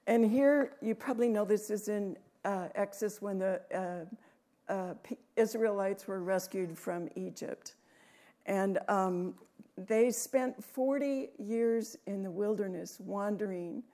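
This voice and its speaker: A woman preaching in a church room, reading scripture with rising emphasis and adding chatty asides with soft laughs. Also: mid-range voice, slow pace.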